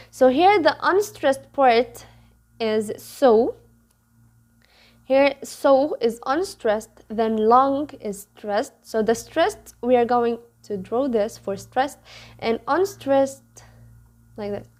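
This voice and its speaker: Slow, high-voiced woman teaching a lesson. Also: darkish tone. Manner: slow, deliberate, repeats key words. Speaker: English teacher. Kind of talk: classroom lesson explaining a poem.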